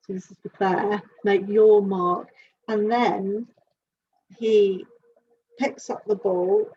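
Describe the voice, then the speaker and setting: Halting woman giving an animal reading. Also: mid-range voice, creaky, mellow, breathy edge. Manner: halting, searching, thinking aloud. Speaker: animal communicator. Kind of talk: live reading session. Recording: dull lo-fi sound with faint hiss.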